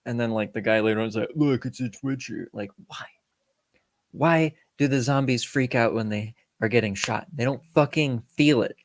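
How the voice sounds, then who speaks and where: Man co-hosting a podcast, casual film talk, profane, animated, mid-pitched voice, dry close mic. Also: moderate pace, no echo. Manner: profane, animated, acts out quotes. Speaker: podcast co-host. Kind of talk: casual film review chat.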